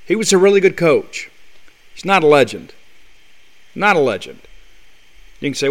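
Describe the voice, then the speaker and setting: A man's voice: fairly high pitch, sing-song, normal speed, pauses often. A man hosting a sports talk show, delivering a blunt, fired-up monologue full of rhetorical questions.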